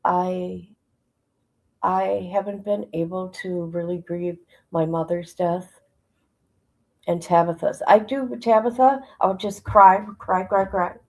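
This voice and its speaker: Gravelly, emotional woman livestreaming. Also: fairly low pitch, fairly even intonation, slow, low-quality recording. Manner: rambling, emotional, talks to chat. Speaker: livestream host. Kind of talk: casual livestream chat. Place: at home. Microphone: phone.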